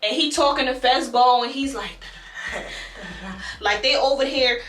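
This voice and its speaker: A young woman tells a storytime with an animated, blunt delivery and swears freely. Her voice is bright and forward, and the room gives it a noticeable echo. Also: high voice, a little slow, faint music behind. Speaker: YouTuber telling a storytime. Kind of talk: casual storytime vlog.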